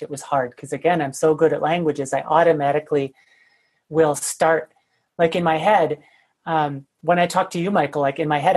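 Husky low-voiced woman telling a candid story. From United States. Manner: candid, self-deprecating, many fillers. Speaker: guest, sales consultant. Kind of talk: casual podcast storytelling.

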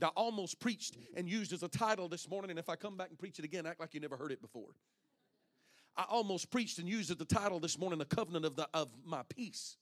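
Reading scripture and calling out to his congregation, a pastor with a fairly high voice delivers a sermon that shifts between loud stretches and quiet ones.

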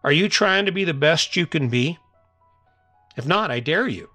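A man's voice: fairly high pitch, expressive, moderate pace, sharp tone, dry recording, faint music behind. Earnest middle-aged man, dry close mic. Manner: earnest, coaxing, repeats challenges. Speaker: podcast host. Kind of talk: motivational monologue.

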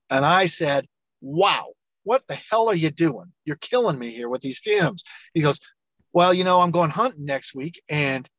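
A middle-aged man, an entrepreneur guest on an interview show, telling his story with lively acted-out dialogue. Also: on the high side, dry recording, rough recording. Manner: animated storyteller, acts out quoted dialogue.

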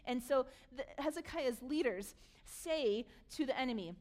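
Woman pastor, high voice, animated preaching, acts out scenes. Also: measured pace. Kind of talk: sermon.

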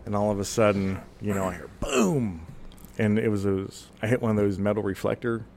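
Male podcast guest, 30s, low voice, rambling animated storyteller, faint hiss behind. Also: a little fast. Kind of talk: casual storytelling.

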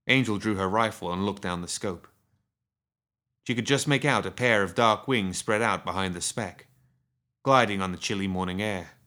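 Low-voiced man narrating a story. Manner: steady, measured reading.

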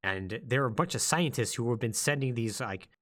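A man co-hosting a podcast, retelling a game's story in a loose, animated way and acting out the lines of its characters. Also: medium pitch, a little fast. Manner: animated storytelling, acts out quotes. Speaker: podcast co-host. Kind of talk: casual podcast chat.

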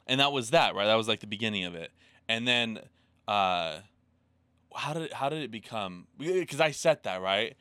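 A man's voice: mid-range voice, very animated, bright, forceful tone, clear, resonant tone, no room sound. Rambling, profane man in his thirties. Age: 30s. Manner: rambling, profane, fast storytelling with many "like"s. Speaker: podcast co-host. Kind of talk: casual chat.

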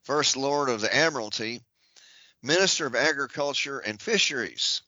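A man's voice: medium pitch, normal speed, bright, forceful tone, no room sound, lo-fi sound. A man on a podcast reading out a long list of titles and offices, breaking it up with dry joking asides. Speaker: podcast guest.

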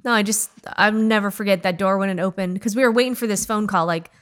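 Halting woman in her thirties. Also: mid-range voice, steady tone, a bit bright. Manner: halting, with many pauses and "like". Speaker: wife telling a family story. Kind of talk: emotional personal storytelling.

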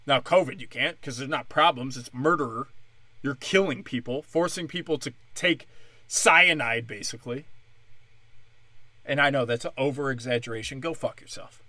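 A man's voice: fairly high pitch, pushed and bright, no echo. A man ranting in heated, profane commentary as a podcast host, mocking the people he argues against.

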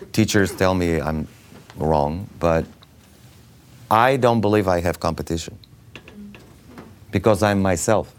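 A man with an Eastern European accent, an actor telling animated anecdotes and laughing often while acting out the voices of people in his stories. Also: lowish voice. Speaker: actor guest. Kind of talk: animated storytelling.

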